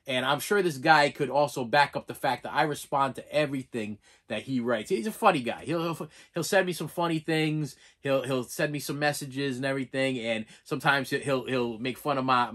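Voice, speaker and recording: A man's voice: medium pitch, normal speed, hardly any pauses, a bit bright. A man hosting his own channel, rambling in a casual vlog, tripping over and repeating words as he thanks a viewer sincerely. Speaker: channel host.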